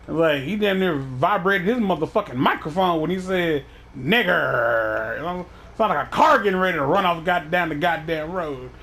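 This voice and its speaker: A man's voice: high-pitched, a bit bright. A man hosting a casual chat, talking in a profane, rambling way with many restarts. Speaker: podcast host.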